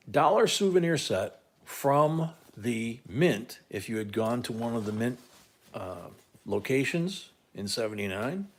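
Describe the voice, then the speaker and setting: A man's voice: mid-range voice, a little hiss or hum. A man hosting a casual live coin auction, calling out bids and chatting with viewers from home. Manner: chatty, repeats bids and co-host's remarks.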